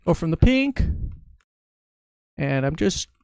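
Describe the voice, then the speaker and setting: Man with a smooth, dry voice teaching. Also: on the high side, sing-song, takes it slowly, darkish tone, dry recording. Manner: chatty, talks through each step as he draws. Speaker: balloon artist teaching a live stream. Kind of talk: casual live-stream tutorial.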